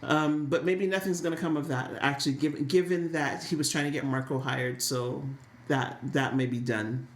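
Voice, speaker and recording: A woman's voice: a bass voice, fairly even intonation, normal speed, reverberant. A woman co-hosting a casual chat podcast about a soap opera, recapping scenes and laughing easily. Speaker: podcast co-host.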